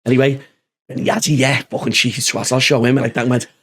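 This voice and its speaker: A man's voice: medium pitch, level tone, fast talker, a bit bright, husky. A man, hosting a podcast in casual chat and telling a rowdy workplace story full of swearing and acted-out quotes. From Liverpool, England. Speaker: podcast host.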